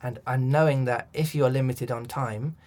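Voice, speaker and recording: A man's voice: medium pitch, steady tone, moderate pace, a little mellow. A man, a coach, answering interview questions thoughtfully with frequent restarts and ums. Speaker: accent coach.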